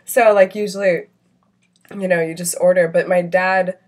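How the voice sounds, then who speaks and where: A woman's voice: lowish voice, fairly even intonation, moderate pace. A woman born in India chatting casually as a podcast guest, giggly and full of fillers. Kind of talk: casual chat.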